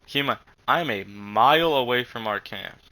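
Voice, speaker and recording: A young man telling a rambling story in casual chat, halting with many fillers and frequent swearing. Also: mid-range voice, animated, bright, forceful tone, rough recording.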